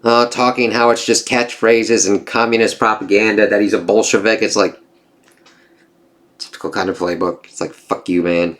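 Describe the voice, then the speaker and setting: A man's voice: fairly low pitch, steady tone, fairly bright tone. A man casually reviewing a comic book, reading dialogue aloud and reacting with frequent swearing. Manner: profane, reads dialogue aloud with quick reactions.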